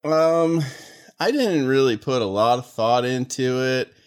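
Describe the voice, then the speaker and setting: A man, the storyteller of a tabletop podcast, talking in a relaxed, rambling way, with many fillers. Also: mid-range voice, a little slow, clear, resonant tone. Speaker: storyteller and game master of a podcast. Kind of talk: casual podcast chat.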